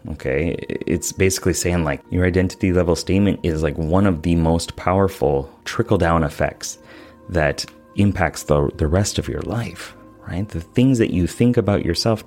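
A man's voice: rumbling low, darkish tone. A man who works as a life coach, talking through a self-help podcast episode in an earnest, casual way with lots of fillers.

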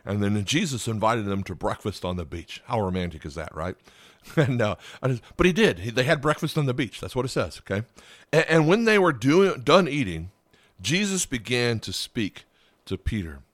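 A man's voice: medium pitch, sing-song, moderate pace, dry recording. A man preaching a podcast sermon, earnest, repeating key phrases and asking the listener "right?". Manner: earnest, rhetorical tag questions, emphatic repetition. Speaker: pastor.

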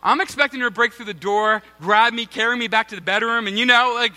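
A male pastor in his thirties preaches with a high voice and a bright, ringing tone. He tells a story against himself, mocks himself, and keeps turning to the congregation in a chatty, casual way. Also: fast, hardly any pauses. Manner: self-mocking, conversational, addresses congregation as guys. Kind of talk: sermon with personal story.

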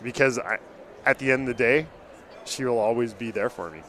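Fairly quick and fairly bright, his mid-range voice carries over the crowd chatter of a busy conference hall. The male dentist, hosting a podcast from a booth, speaks with earnest emotion in casual talk and tends to repeat words.

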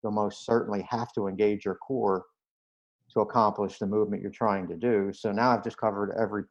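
A man's voice: fairly low pitch, fairly even intonation, fairly quick, muffled recording. A man guest explaining firefighter fitness in earnest detail with dry humor. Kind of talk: podcast interview.

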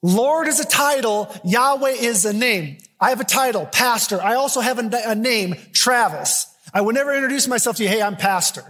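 A man preaching a sermon as pastor, swinging from loud, emphatic declarations to quiet, intimate storytelling. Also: extremely high pitch, lively intonation, moderate pace, few pauses, long reverb tail.

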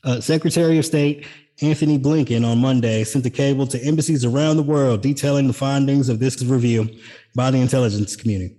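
A man co-hosting a podcast in a loose, casual way. He reads out news items and drops sarcastic jokes in between, with a voice of ordinary middle pitch. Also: steady tone, fast talker, dark tone. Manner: sarcastic, jokey asides. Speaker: podcast co-host. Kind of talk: casual political chat.

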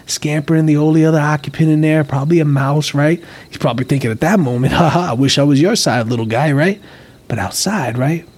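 A man with a husky voice narrates a tale in loose, streetwise slang. His pitch swings widely as he rambles, tagging his lines with "right?". It sounds like a relaxed spoken story. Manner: rambling, filler-heavy, keeps asking "right?". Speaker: reader, narrator. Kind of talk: casual slangy first-person storytelling.

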